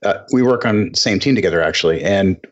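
A man on a podcast call, talking casually in a quick, joking way. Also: low-pitched, highs cut off. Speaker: podcast panelist.

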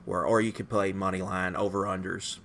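A man co-hosting a sports podcast in a relaxed, rambling, casual chat, laughing easily. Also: low voice, brisk, vocal fry, a little hiss or hum. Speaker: podcast co-host.

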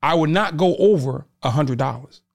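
A man from the Boston area talks as a podcast guest in an easy, conversational way. His voice sits slightly high and moves through a wide, lively range. He often slips into the voices of the people in his stories. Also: moderate pace, vocal fry. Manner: animated, acts out quotes of others. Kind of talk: casual conversation, storytelling.

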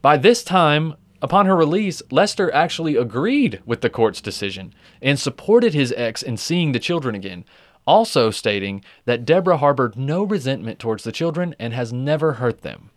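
A man's voice: mid-range voice, big pitch swings, normal speed, no echo. Casual man hosting a true crime podcast. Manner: conversational, with frequent fillers and swearing. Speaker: podcast host.

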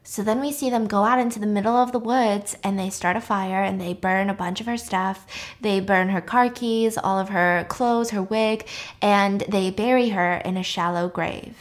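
A woman casually retelling a TV plot, animated and profane, acting out the characters' lines as she goes. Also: medium pitch, normal speed. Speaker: show recapper. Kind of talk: casual storytelling recap.

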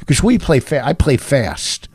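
A man's voice: fairly high pitch, sing-song, unhurried, darkish tone, breathy edge, dry recording. A middle-aged man chatting casually as a podcast co-host, rambling through a story with many restarts and fillers. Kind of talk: casual chat.

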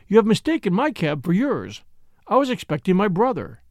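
A woman's voice: medium pitch, wildly swooping pitch, fairly quick, darkish tone, no echo, studio quality. A man voicing a proud young woman who speaks firmly and insistently. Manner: firm, clipped and insistent.

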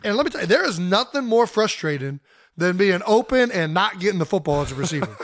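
A man from Ohio co-hosting a podcast, telling stories in an animated, joking way. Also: high voice, fast, no room sound, studio quality. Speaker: podcast co-host. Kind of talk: casual chat.

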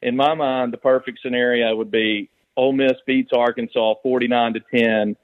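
A man's voice: medium pitch, steady tone, moderate pace, no echo. Man rambling on a muffled phone. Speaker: caller. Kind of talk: casual call-in chat and joke telling.

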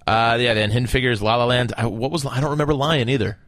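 A man's voice: mid-range voice, fairly even intonation, fast talker, fairly bright tone, no room sound. A man casually going through lists of movies on a podcast, laid-back and offhand. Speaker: podcast co-host.

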